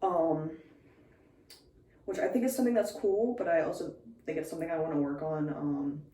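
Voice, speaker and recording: A woman's voice: low voice, moderate pace, warm tone, recorded from a distance. A young woman vlogging in a casual, rambling way with many fillers, now and then with a slight lisp, recorded on a phone. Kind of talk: casual chat. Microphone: phone camera. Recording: echoey room.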